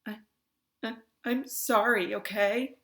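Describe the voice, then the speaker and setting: A woman's voice: medium pitch, steady tone, a bit bright, pitched above the performer's own voice. A woman doing a sniffling, tearful teen girl. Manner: halting, hiccuping. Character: teary teenage girl apologizing, sniffling.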